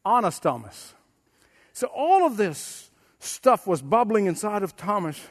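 A man's voice: high-pitched, very animated, unhurried, long reverb tail. A man preaching an emphatic sermon as pastor, acting out quotes.

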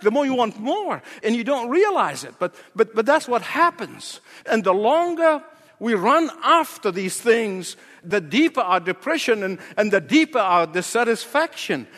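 Animated preacher with a high, lively voice. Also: male voice, in a large hall. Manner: emphatic, repetitive preaching cadence. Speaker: pastor. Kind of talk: sermon.

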